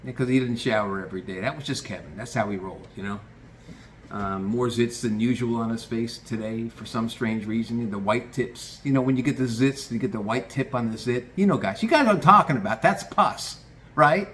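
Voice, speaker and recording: A man spins a long true tale in a loose, rambling voice of middle pitch, swearing freely and doubling back on his words. Faint noise hums under the recording. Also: a little fast, a bit bright. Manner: rambling, swears casually, restarts often. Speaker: storyteller. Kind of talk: casual spoken storytelling.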